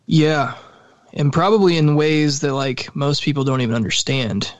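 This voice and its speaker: A man's voice: fairly high pitch, normal speed, no echo, highs cut off. A man co-hosting a podcast, talking casually and hesitantly with many fillers. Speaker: podcast co-host. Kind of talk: casual chat.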